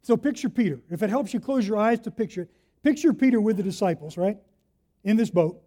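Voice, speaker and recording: A man preaching a sermon, telling the story vividly and swinging between hushed and loud delivery. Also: high-pitched, animated, brisk. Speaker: pastor.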